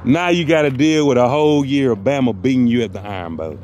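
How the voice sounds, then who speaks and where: A fast-talking man with a medium-pitched, darkish voice delivers a profane, mock-motivational comic rant that loops back on the same phrases, cursing heavily. The sound is lo-fi with a little hiss or hum.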